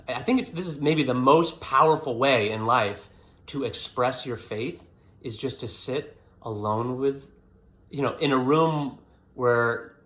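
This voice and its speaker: A man's voice: mid-range voice, fairly bright tone. A man giving a casual, earnest devotional talk, rambling with many fillers as he encourages listeners. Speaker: Christian video host.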